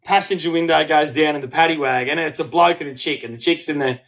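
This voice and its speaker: A middle-aged Australian man co-hosting a podcast, telling a story in casual chat, swearing freely and acting out quotes in animated bursts. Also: a little high, fast, rough recording. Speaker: podcast co-host.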